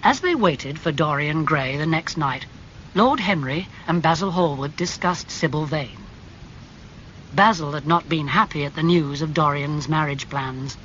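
A man narrating a classic novel as an audiobook, in a clear, measured storytelling manner. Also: fairly high pitch, fairly bright tone. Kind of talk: audiobook reading of a graded classic. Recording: slightly muffled with faint hum.

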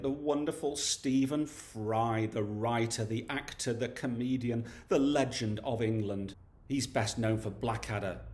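A man delivering a scripted comedy monologue with deadpan, laddish banter. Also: mid-range voice. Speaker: comedy YouTuber.

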